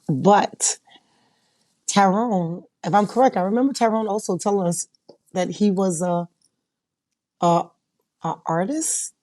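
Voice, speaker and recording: A woman paralegal in a casual interview, telling stories in an animated way and laughing often. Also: on the low side, dry recording.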